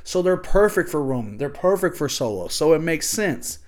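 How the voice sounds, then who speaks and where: A man hosting a casual wrestling review show. He talks excitedly and acts out the wrestlers' and commentators' lines as he recaps the matches. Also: a little high, moderate pace. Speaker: wrestling podcast host.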